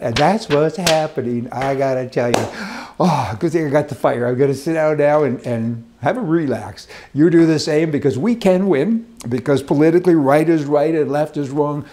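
A man's voice: mid-range voice, a little mellow. A man giving opinionated political commentary in an emphatic, rambling rant, talking indoors beside a fireplace.

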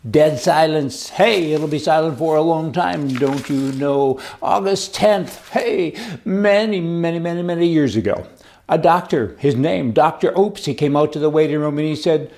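A man's voice: fairly high pitch, normal speed, darkish tone. An older man giving rambling, folksy political commentary as host, with chuckling asides.

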